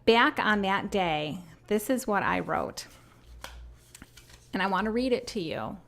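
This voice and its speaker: An earnest woman in her fifties sharing faith in a personal talk. She speaks at a middling pitch and turns slow and soft when she reads out her written passages. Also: expressive, gravelly, slight background noise. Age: 50s. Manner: earnest, slows down and softens when reading. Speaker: host sharing messages from prayer.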